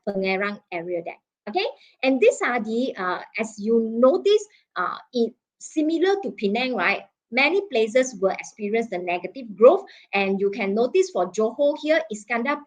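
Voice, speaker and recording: A woman with a Malaysian English accent presenting market data in a webinar, checking in with "okay?" and "right?" and pausing on fillers. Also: a little high. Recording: dull lo-fi webinar audio.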